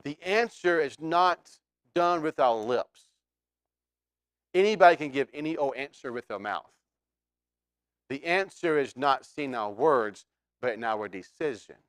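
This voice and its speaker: A man's voice: mid-range voice, expressive, a little slow, pauses often, clean tone, no room sound. A man preaching a sermon as pastor, talking conversationally and asking the congregation questions.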